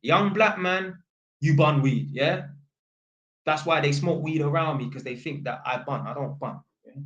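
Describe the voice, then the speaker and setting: A man's voice: on the high side, unhurried, fairly bright tone, roomy sound, highs cut off. A young man with a London accent, telling a story to camera in casual street slang, with "innit" on almost every line, and acting out the voices of people he quotes. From England. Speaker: vlogger.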